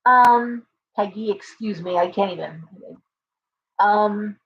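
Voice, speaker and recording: A woman's voice: medium pitch, slow. Woman hosting her own live stream: chatty, earnest, rambling, full of restarts. Recording a bit dull with faint background hiss. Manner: rambling, reading viewer comments aloud; earnest, with many fillers and restarts. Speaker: livestream host and tarot reader. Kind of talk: casual live-stream chat.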